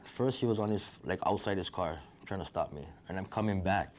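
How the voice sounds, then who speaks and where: A middle-aged man, his voice sitting on the low side. He recounts his story as a vivid present-tense retelling and acts out the dialogue. A faint noise sits under his voice. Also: brisk. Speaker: wildfire survivor. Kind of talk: personal storytelling.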